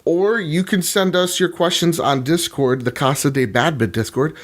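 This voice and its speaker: A man's voice: a little high, moderate pace. A man co-hosting a gaming podcast, telling rambling, profane comic stories in casual chat. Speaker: podcast co-host.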